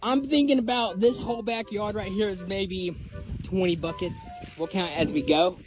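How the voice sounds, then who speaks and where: A man's voice: sits high, moderate pace, low-quality recording. A young man vlogging outdoors in a backyard, joking playfully with his twin and narrating what he is doing. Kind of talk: casual vlog banter. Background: loud music.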